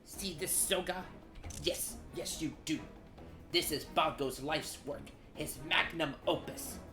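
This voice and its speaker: A woman's voice: sits low, slow. A woman voicing a timid male kobold miner who pleads anxiously and strings synonyms together. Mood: defiant. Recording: roomy room with game music.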